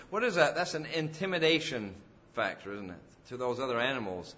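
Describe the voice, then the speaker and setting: A man preaching a sermon as a pastor, rising loud and emphatic on key phrases. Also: medium pitch, very animated, a little fast, dull audio.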